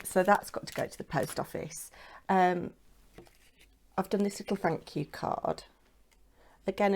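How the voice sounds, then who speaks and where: British lady, middle-aged, chatting away about her crafts, lowish voice with a bit of fry. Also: darkish tone. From United Kingdom. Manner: chatty and rambling, showing crafts. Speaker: craft vlogger. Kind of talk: casual chat to camera.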